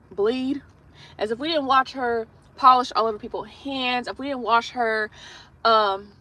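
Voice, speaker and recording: A woman's voice: a little high, bright, forceful tone, low-quality recording. A woman hosting a nail livestream, chatting through a blunt, profane story in a casual storytelling way. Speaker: nail artist livestream host. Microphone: streaming setup while doing her nails.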